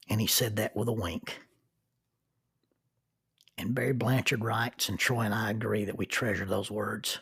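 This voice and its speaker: A man in his sixties, a minister, hosting a reflective podcast in an earnest manner, dropping to soft near-whispers for emphasis. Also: fairly low pitch, steady tone, normal speed, pauses often, slightly rough, no echo, clean studio sound.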